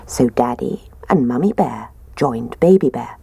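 A woman reading a children's storybook aloud in a gentle, expressive way. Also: extremely low pitch, measured pace, creaky, slightly rough, no echo.

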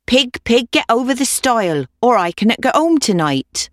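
A woman's voice: a little high, very animated, normal speed, no room sound, voice pushed up. A woman voicing a frustrated old woman who repeats pleading commands, in a dry recording. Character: frustrated old woman stuck with a stubborn pig.

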